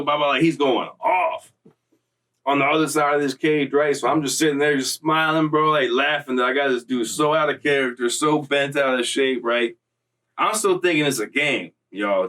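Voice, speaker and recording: A man hosting his own vlog, telling prison stories in slangy, profane, animated casual talk. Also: medium pitch, normal speed, distant mic. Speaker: vlog host. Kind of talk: casual storytelling.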